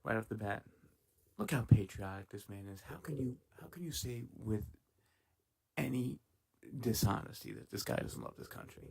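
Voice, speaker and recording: A man's voice: on the low side, lively intonation, moderate pace, gravelly, slight background noise. A man giving casual, sarcastic, profane commentary while reacting to clips. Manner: sarcastic, swearing, laughing asides.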